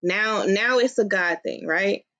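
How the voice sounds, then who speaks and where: A woman's voice: mid-range voice, a little slow, sharp tone, dull audio. Woman talking viewers through a recording. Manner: conversational, reflective, explaining to viewers. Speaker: vlogger telling her story. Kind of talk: storytime commentary on a recording.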